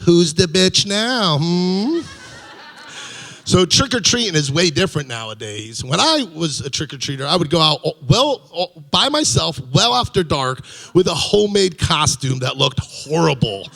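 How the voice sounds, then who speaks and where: A man's voice: fairly high pitch, very animated, moderate pace, vocal fry, sharp tone. A middle-aged man doing a stand-up comedy set on a club stage, rambling loosely and chuckling at his own punchlines.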